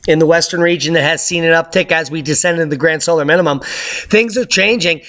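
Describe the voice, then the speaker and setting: A man hosts a news update channel, riffing casually over clips with an excitable, sarcastic energy and sudden loud outbursts. His voice is fairly high and he talks fast.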